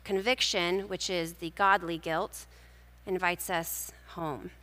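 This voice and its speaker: A woman's voice: fairly low pitch, steady tone, slow, a bit bright, in a large hall. A woman giving a personal devotional sermon, telling stories and reading scripture in a conversational way. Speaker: speaker at a church gathering.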